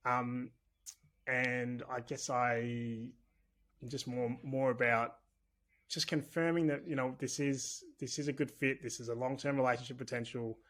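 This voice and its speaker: With a level tone, measured pace and a bit of brightness, this medium-pitched male voice carries an Australian accent. He's a business owner guesting on a podcast, rambling candidly and chattily through a casual conversational interview.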